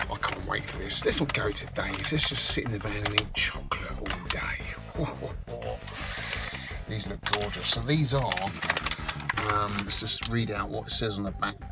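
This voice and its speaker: A man's voice: on the low side, vocal fry. A man hosting a casual vlog from a parked van, cheeky and jokey, savouring his food as he talks. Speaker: vlog host.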